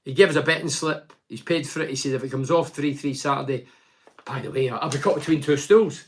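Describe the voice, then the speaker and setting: A middle-aged Scottish man with a brisk, mid-range voice hosts a casual radio phone-in. He reads out listener messages and answers them bluntly.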